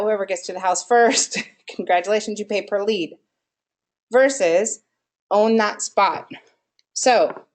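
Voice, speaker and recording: A woman with a mid-range, slightly mellow voice leads a live marketing workshop in a room full of people, quizzing the audience and calling for answers along the way.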